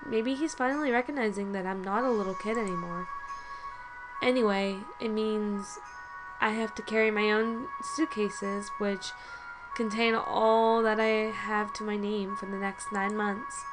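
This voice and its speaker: A woman's voice: medium pitch, steady tone, a little slow, over music, low-quality recording. A woman reading a story game aloud with chatty asides, often stumbling and correcting herself. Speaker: let's play host.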